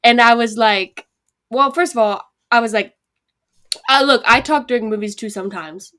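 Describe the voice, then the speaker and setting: A young woman co-hosting a podcast, telling a story in an animated, casual way with plenty of swearing. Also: on the high side, normal speed. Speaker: podcast co-host. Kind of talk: casual chat.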